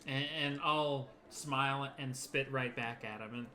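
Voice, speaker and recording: A man playing a tabletop role-playing game, declaring his moves in a halting, repetitive way. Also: medium pitch, fairly even intonation, bright, forceful tone. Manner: halting, repeats words while declaring actions. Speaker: player.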